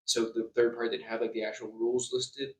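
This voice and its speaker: A man's voice: medium pitch, flat delivery, a little fast, a little hiss or hum. A young man in a hotel room telling an angry storytime rant, stammering, repeating words and swearing a lot. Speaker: vlogger. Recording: echoey room, distant mic.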